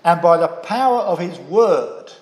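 A man's voice: high voice, lively intonation, darkish tone. Preaching man in an echoing hall. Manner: measured, with rhetorical questions to listeners. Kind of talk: sermon. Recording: echoey hall with long reverb.

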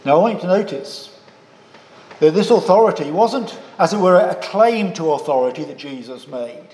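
Male preacher, slightly high voice, measured sermon delivery, long hall reverb. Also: lively intonation, darkish tone. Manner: measured, with rhetorical questions to listeners.

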